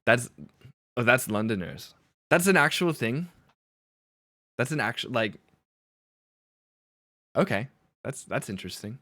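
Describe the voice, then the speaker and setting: A man hosting a livestream chats casually with his viewers about accents, laughing and poking fun at himself. His mid-range voice is expressive with a sharp edge, and he speaks at a measured pace with frequent pauses. The audio has no echo.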